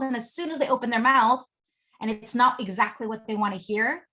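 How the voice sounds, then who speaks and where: A woman relationship coach, a podcast interview guest, telling stories in an animated way with many fillers. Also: on the high side, brisk. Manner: animated storytelling with lots of fillers.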